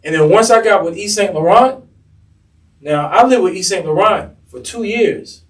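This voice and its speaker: A man's voice: sits high, normal speed, distant mic. A man, a fashion designer, telling stories as an interview guest and animatedly acting out the people he quotes. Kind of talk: casual storytelling interview.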